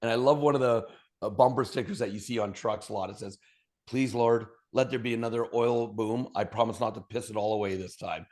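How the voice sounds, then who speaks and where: Energetic man telling stories. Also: lowish voice, brisk. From Alberta, Canada. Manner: energetic, humorous storyteller acting out dialogue. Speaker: podcast guest. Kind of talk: storytelling interview talk.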